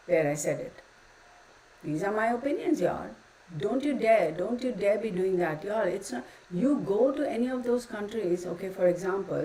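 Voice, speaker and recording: A woman's voice: fairly low pitch, mellow, a little hiss or hum, low-quality recording. A woman, reading tarot cards on her channel and ranting her opinions in a blunt, profane, heated way. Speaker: tarot reader.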